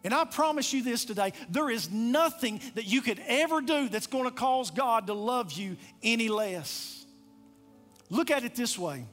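A man's voice: very high voice, expressive, moderate pace, a bit bright, faint music behind. A man preaching a sermon, retelling a parable with passionate storytelling and direct appeals. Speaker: pastor.

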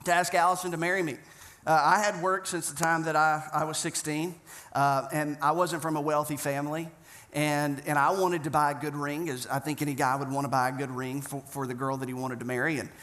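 Guy pastor preaching, kinda high pitched, earnest and chatty, restarts a lot. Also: bright, forceful tone. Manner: earnest, conversational storytelling with frequent restarts. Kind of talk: sermon.

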